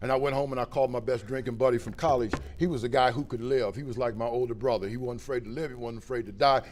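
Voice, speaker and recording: A man's voice: medium pitch, fairly even intonation, quick pace, slight background noise. Folksy man telling his story. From Ohio. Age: middle-aged. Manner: folksy, plain-spoken storyteller with swings from loud to quiet. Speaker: recovery speaker. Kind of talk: personal testimony talk.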